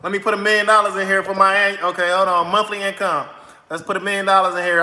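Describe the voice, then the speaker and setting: A man doing a comic skit, excitedly filling out a credit card application, rushing and repeating himself over and over. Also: high voice. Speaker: host of a credit advice channel. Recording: echoey room with long reverb.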